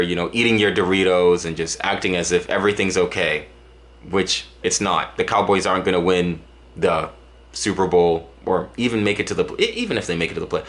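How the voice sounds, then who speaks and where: Animated joking man from Dallas. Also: low-pitched. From Dallas, Texas. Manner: joking, exaggerated, rambling with restarts. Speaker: vlogger. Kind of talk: casual comedic monologue to camera.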